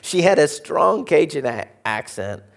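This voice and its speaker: A man with an Arkansas Southern accent telling a humorous story to an audience, animated and jokey, swinging from loud to hushed. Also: fairly high pitch, a little slow, vocal fry. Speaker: speaker.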